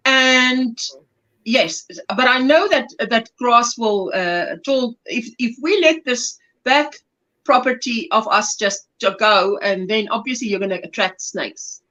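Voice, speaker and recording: Bright-voiced chatty woman livestream host. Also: on the high side, slow. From South Africa. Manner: chatty, laughs often, greets viewers by name. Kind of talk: casual chat while reading viewer comments.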